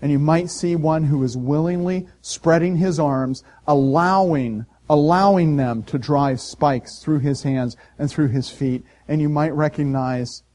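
A male pastor preaching a sermon in a conversational, storytelling way, swinging from loud emphasis to soft quiet. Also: a little high, unhurried, few pauses.

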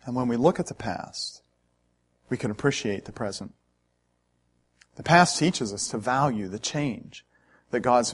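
A man's voice: mid-range voice, husky. A male pastor preaching a sermon in an earnest, emphatic way, with frequent "uh" fillers.

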